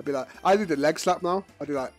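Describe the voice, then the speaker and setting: A man chatting casually while streaming a VR game, loud and joking, full of flirty banter. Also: fairly high pitch, fast, faint music behind.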